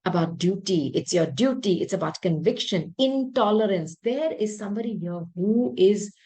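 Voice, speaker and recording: A woman reading tarot cards for her viewers, talking in an emphatic, intuitive way, often repeating words and clearing her throat. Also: mid-range voice, animated, normal speed, dark tone, low-quality recording. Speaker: tarot reader.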